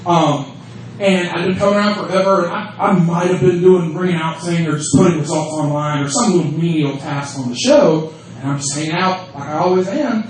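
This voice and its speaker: A man in his thirties spins profane, lively stories at a fan panel, laughing often, his voice sitting somewhat high for a man. He is heard from a distance through a phone in the audience. The sound rings with heavy room echo, and faint ambient noise sits beneath it. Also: fairly quick. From United States. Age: 30s. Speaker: wrestling promotion creative head on a fan panel. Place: convention room at a fan event. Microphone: phone held in the audience.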